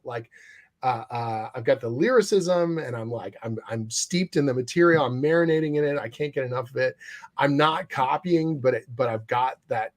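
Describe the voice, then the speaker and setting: A man's voice: medium pitch, moderate pace. A man, a comics writer as guest, telling stories animatedly in a casual interview and swearing freely. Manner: animated storyteller, swears freely, acts out quotes.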